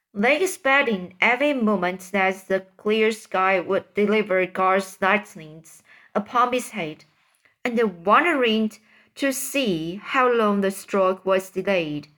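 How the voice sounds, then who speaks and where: A woman's voice: mid-range voice, a bit bright. A woman reading a classic novel aloud, stumbling and restarting on hard words. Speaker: reader.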